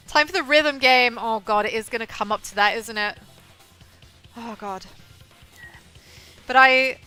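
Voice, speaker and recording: A woman from England with a softened Southwest English accent, chatting casually as a VTuber streamer between game scenes. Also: on the high side, smooth. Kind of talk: casual gaming commentary.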